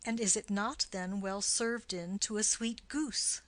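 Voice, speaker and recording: A woman's voice: mid-range voice, a little slow, dry recording, close to an everyday voice. A woman reading the part of a lovesick young nobleman trading puns in an audiobook of a play. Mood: playful. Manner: playful wordplay.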